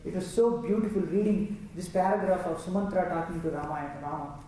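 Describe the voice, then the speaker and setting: Reciting Sanskrit verses and explaining the scripture, this Telugu religious storyteller speaks briskly in a steady tone with a fairly high, mellow voice. The recording comes from a distant mic in a room full of echo and faint ambient sound.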